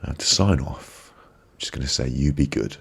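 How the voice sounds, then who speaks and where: A man with an extremely deep, gravelly voice and a husky edge gives a motivational talk on a live stream. He speaks reflectively and repeats phrases for emphasis, close on a binaural microphone. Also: expressive, normal speed, a bit bright. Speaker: ASMR live-stream host.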